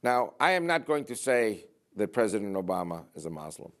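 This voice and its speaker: A man with a fairly low voice making a political speech to a church audience. He repeats phrases for emphasis and asks rhetorical questions in a steady, insistent way. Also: brisk. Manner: emphatic, repetitive rhetorical delivery. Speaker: public speaker.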